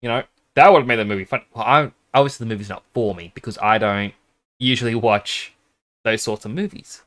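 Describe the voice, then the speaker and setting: A man's voice: fairly low pitch, fairly quick, a bit bright. Chatty male streamer, rambling and self-conscious. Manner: rambling, self-conscious, tests whispering at the mic. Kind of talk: casual game-stream chat. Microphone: streaming microphone.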